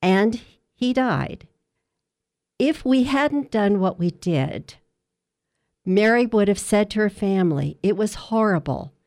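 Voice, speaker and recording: A woman working as a hospice dietitian, telling a patient's story in an interview with earnest, measured storytelling. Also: medium pitch, animated, darkish tone.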